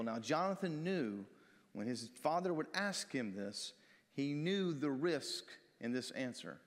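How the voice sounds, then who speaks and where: Conversational preacher in an echoing hall. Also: male voice, medium pitch, animated, a little slow. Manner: conversational, asks the congregation questions. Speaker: pastor. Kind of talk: sermon with Bible reading. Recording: long reverb of a large hall.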